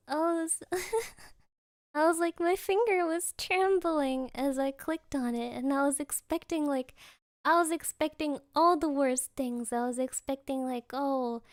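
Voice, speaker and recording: A young woman with a high voice chats unhurriedly from home, excitable and quick to laugh. She leans on fillers as she tells a story, and the sound is close and dry with no room around it. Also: no echo. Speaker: streamer. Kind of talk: casual storytelling chat. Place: at home, creaky floor.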